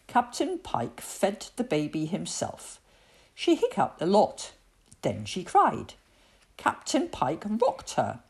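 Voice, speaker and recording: A woman reading a children's storybook aloud in an expressive storytelling voice. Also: medium pitch, gravelly. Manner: expressive, slow, lively storytelling.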